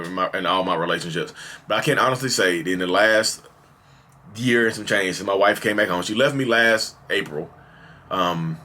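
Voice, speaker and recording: A man's voice: fairly low pitch, pushed and bright, a little hiss or hum. A man in his thirties speaking in a candid, rambling confessional monologue. He fills his talk with many "like" and "you know" fillers. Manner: acts out quoted exchanges in raised, heated bursts. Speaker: vlogger and host of the channel.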